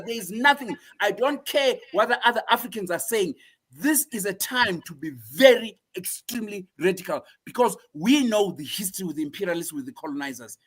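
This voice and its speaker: A man with a notably high voice delivers fiery political commentary as a show guest. He preaches with raw passion and keeps coming back to the same phrases, his pitch climbing high for emphasis. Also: a bit bright.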